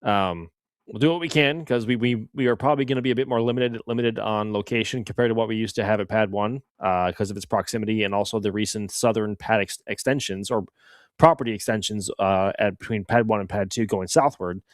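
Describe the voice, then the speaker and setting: A man co-hosting a casual live show, excitable and quick to exclaim. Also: fairly low pitch, no echo, studio quality. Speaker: co-host. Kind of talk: casual chat.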